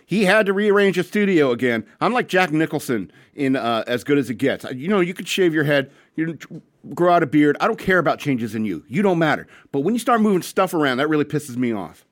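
A man's voice: on the high side, lively intonation, moderate pace, no echo. A man hosting a casual radio talk show from a small studio, rambling and joking crudely. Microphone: studio mic.

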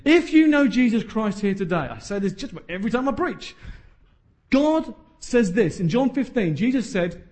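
A man in his thirties preaching a sermon. His voice sits high and swings widely in pitch. He is emphatic, with quick joking asides. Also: very animated, a little mellow. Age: 30s.

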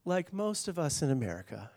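A man's voice: on the high side, sing-song, brisk, gravelly, darkish tone. A man preaching a sermon, casual and joking with the congregation before building to fervent emphasis. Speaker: pastor.

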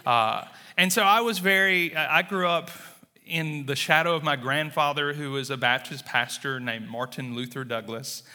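A man's voice: fairly high pitch, moderate pace, sharp tone. A man in his thirties from Mississippi with a Southern drawl, sharing his testimony as a guest preacher in a folksy, self-deprecating way. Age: 30s. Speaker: church planter, guest speaker. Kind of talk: sermon with personal testimony. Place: church sanctuary. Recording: long reverb of a large hall.

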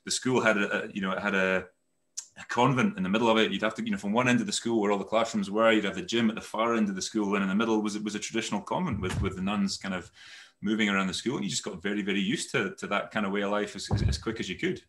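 Fast-talking reflective man, low voice. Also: steady tone, a bit bright. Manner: thoughtful, halting, many restarts and "you know"s. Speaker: CEO and podcast guest. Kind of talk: reflective conversational storytelling.

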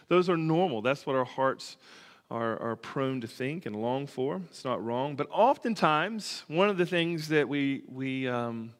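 A man's voice: medium pitch, fairly bright tone. A man preaching a conversational sermon as pastor, with plenty of fillers and restarts. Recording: long hall reverb.

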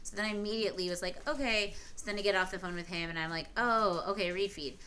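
A woman's voice: fairly low pitch, steady tone, very fast, fairly bright tone, slight background noise. A woman co-hosting a podcast who talks candidly in casual chat and swears freely. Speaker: podcast co-host.

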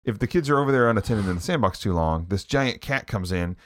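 A man's voice: lowish voice, expressive, fast, slight background noise. A man co-hosting a gaming podcast, chatting casually and trailing off with fillers like "anyway". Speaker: podcast co-host. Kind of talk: casual chat.

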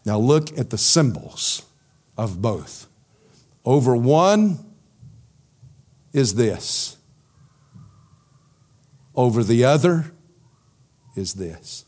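A middle-aged man preaching a sermon and then answering questions from his congregation, emphatic, sinking to a soft intensity at key points. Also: medium pitch, sing-song, very slow, long pauses.

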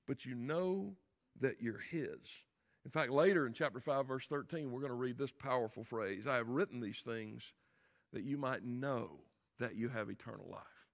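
A middle-aged pastor with a mid-range voice preaches conversationally, posing questions to the audience and building toward emphatic peaks.

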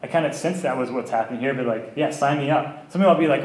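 A man casually introducing a speaker to a group, relaxed, full of fillers, and joking. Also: mid-range voice, fast talker, recorded from a distance. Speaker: community leader introducing the speaker. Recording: echoey room, voice off-mic.

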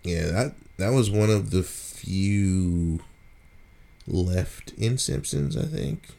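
A man with a very deep voice trades loose, joking banter on a podcast. He talks casually and swears freely. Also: lively intonation, takes it slowly, creaky, warm tone. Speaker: podcast co-host. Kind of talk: casual chat.

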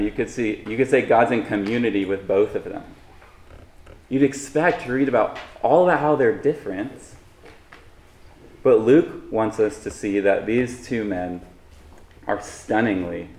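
A man with a fairly low voice delivers a sermon in an easy, conversational manner, breaking in with light humor. The room is echoey, so his words carry a roomy sound. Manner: conversational preaching with asides and humor. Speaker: pastor.

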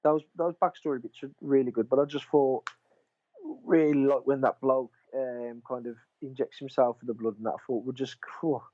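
A man's voice: mid-range voice, steady tone, normal speed, dark tone, highs cut off. A man, casually chatting as a podcast co-host, rambling through stories, swearing freely and retelling what he said to his mate. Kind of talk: casual chat.

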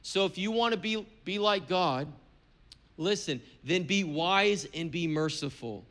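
A man's voice: high-pitched, animated, measured pace, fairly bright tone. A middle-aged man, a pastor, preaching a sermon in an earnest, conversational way with touches of humor.

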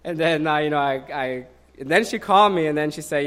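A male preacher in his thirties talking through a sermon like a conversation. His voice sits a little high, and he tells personal stories loosely, with plenty of "you know" along the way. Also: fairly quick, a bit bright, clear, resonant tone. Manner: conversational, personal storytelling with many fillers.

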